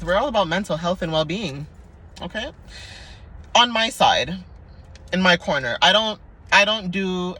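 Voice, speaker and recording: Bright-voiced, sassy young woman card reader. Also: lowish voice, slight background noise. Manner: chatty, playful and sassy, with frequent laughs. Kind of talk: casual spiritual card reading.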